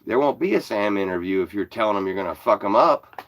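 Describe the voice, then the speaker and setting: A man's voice: fairly low pitch, lively intonation, fast talker, slight background noise. A man in his forties ranting bluntly to the camera, sarcastic and swearing often. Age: 40s. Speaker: YouTuber. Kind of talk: profane ranting commentary.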